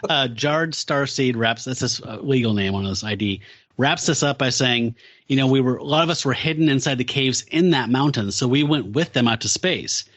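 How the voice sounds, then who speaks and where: A man's voice: mid-range voice, moderate pace, fairly bright tone, dry recording. A man co-hosting a casual comic book podcast, reading the dialogue aloud in playful put-on voices and laughing often. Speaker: podcast co-host.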